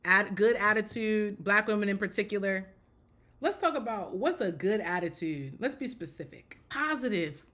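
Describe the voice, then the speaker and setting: Her voice here sits at medium pitch with a fairly bright tone and lively intonation, moving at a moderate pace. She's still delivering blunt, jokey casual commentary, looping back over her words, restarting phrases, and laughing often.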